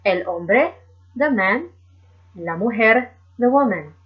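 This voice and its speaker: Slow-paced woman teaching a lesson. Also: mid-range voice, expressive. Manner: careful, repeats words for learners. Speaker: language teacher. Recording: dull lo-fi sound.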